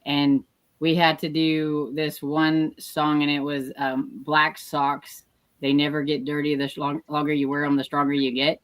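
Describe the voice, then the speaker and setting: A woman's voice: low-pitched, little pitch movement, moderate pace, no room sound. A woman co-hosting a book chat who tells a laid-back story from her school days. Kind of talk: casual chat.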